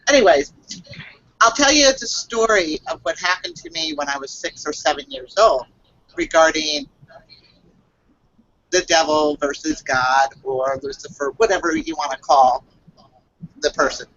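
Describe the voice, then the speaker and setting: A woman who works as a psychic reader tells a personal story on a video call, halting and earnest, with many fillers and restarts. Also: low voice, lively intonation, a bit bright, dull audio.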